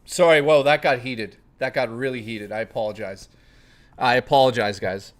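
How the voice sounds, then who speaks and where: A man's voice: medium pitch, normal speed. A man hosting a live stream, chatting casually with viewers, swearing freely and reading the chat aloud. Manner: profane, playful, reads chat aloud.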